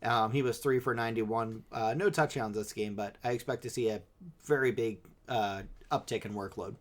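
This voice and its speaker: A man's voice: medium pitch, steady tone, normal speed. A man in casual sports chat, analysing players and stats with hesitant fillers. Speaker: podcast co-host.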